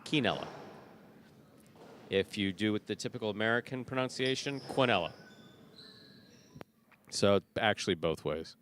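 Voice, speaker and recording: A man's voice: lowish voice, expressive, fairly quick, few pauses, fairly bright tone, slight background noise. A middle-aged man announcing jai alai, chatty and explanatory, often correcting himself mid-sentence. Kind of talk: broadcast commentary and chat.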